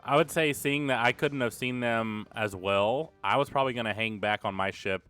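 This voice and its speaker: A man's voice: medium pitch, normal speed, fairly bright tone, clear, resonant tone, faint music behind. A man playing a tabletop game, chatting casually and asking the game master questions. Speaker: player.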